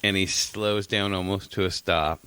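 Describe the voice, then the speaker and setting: A man's voice: low voice, steady tone, moderate pace, bright, forceful tone, clean tone. A man co-hosting a podcast, telling a long, rambling story in casual chat, swearing freely and laughing often. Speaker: podcast co-host.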